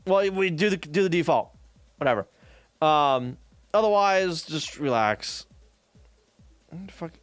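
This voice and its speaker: A man venting on a stream in an exasperated, profane way, his pitch jumping up and down. The voice sits a bit higher than most men's and sounds dry and close. Faint music plays behind him. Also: animated, a little slow, pauses often, no echo. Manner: exasperated, swears freely, many fillers and 'right?'. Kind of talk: casual profane rant about programming.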